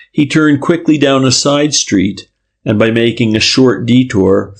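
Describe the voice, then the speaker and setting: A man narrating a classic detective novel in a steady, measured reading. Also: medium pitch, gravelly. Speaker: audiobook narrator. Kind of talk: scripted narration.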